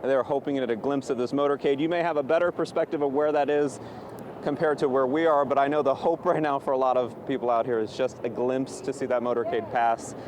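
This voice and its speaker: Fast-talking male street reporter. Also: medium pitch. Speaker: field reporter. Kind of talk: live news report. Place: outdoors on a city street. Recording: outdoor street noise.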